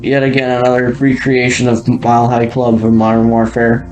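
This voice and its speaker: A man's voice: medium pitch, completely flat delivery, moderate pace, darkish tone, soft background music. A man giving a casual, rambling walkthrough, laughing often and trailing off mid-sentence. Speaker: video creator touring an old game world.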